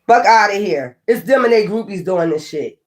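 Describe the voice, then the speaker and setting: A man with a high, animated voice talks at a moderate pace over slight background noise. On his own tarot channel he launches into an unscripted, profane rant, confronting his critics, repeating taunts and dismissing them as weirdos.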